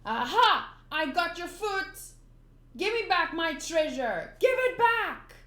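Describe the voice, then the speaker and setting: A woman doing a brash, shouting young pirate boy. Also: high-pitched, very animated, slow pace, voice pushed up, heavily acted. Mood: determined. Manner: eager, shouting. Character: brash rubber-bodied young male pirate. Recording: echoey room.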